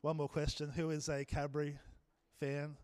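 A man's voice: on the high side, monotone, moderate pace, darkish tone, clean tone, big-room sound. A man, preaching a sermon and joking with the congregation. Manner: jokey, chatty with the congregation. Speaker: pastor. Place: church hall.

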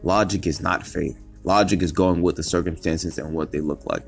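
A man's voice: sits low, steady tone, normal speed, creaky, few pauses, faint music behind. A man hosting a solo motivational podcast, talking emphatically, swearing a lot and repeating himself as he pushes through. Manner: emphatic, repetitive and profane, with many restarts. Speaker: podcast host.

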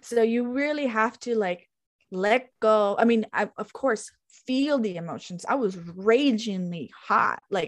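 A woman's voice: medium pitch, expressive, unhurried. A woman co-hosting a casual spiritual podcast chat, talking emphatically and swearing often. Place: lives in the United States.

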